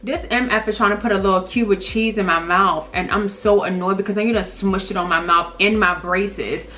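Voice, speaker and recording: A woman telling a funny story in a casual vlog, blunt and animated, recorded on a camera's built-in mic. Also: mid-range voice, fairly quick, faint music behind. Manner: sassy, blunt and animated, acting out quotes.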